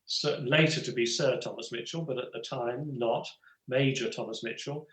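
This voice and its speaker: Casting: older English actor, chatty raconteur, mid-pitched, recorded with room echo. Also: male voice, steady tone, normal speed, fairly bright tone. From England. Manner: rambling, full of "you know" asides. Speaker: guest actor and writer. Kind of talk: relaxed storytelling conversation.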